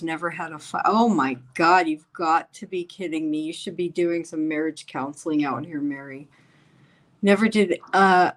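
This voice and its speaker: A woman hosting a casual live stream, reading viewer comments aloud and reacting to them in a chatty, emphatic way, her voice getting worn. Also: fairly low pitch.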